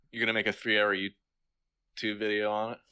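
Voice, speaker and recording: A man's voice: fairly low pitch, flat delivery, measured pace, bright, forceful tone, smooth. A man co-hosting a podcast in casual chat, teasing and bantering. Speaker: podcast co-host.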